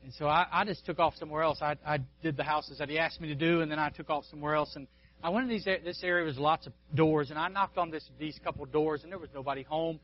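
A man preaching a sermon, telling a story with asides to the pastor and congregation, swinging between loud exhortation and hushed quiet. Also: fairly high pitch, fairly even intonation, fast. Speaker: guest preacher. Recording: dull lo-fi sound.

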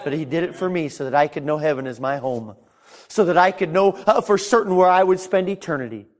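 A man preaching a fervent evangelistic sermon to a congregation in a church, surging loud then dropping quiet, with many stammered restarts. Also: on the high side, fairly quick. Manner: impassioned, swings between loud surges and quiet intensity, frequent stammered restarts.

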